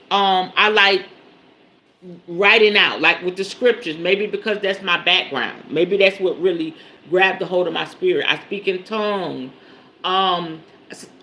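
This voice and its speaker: A woman's voice: lowish voice, pushed and bright, slight background noise. A woman giving a spiritual teaching on a livestream, chatting conversationally with her audience and repeating her key points for emphasis. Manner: conversational, often checks in with the audience.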